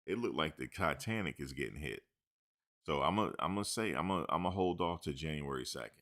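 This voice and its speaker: A man's voice: rumbling low, animated, fairly quick, a bit bright. A man hosting a sports talk show, rambling casually with slang and joking asides.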